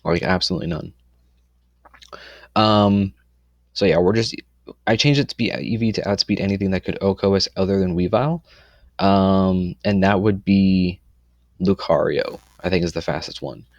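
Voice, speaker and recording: A man's voice: low-pitched, moderate pace, long pauses, dry recording, muffled recording. Young man casually explaining his team. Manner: rambling, confident, many "um"s and self-corrections. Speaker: competitive Pokemon player explaining his team. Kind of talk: casual team breakdown for a video.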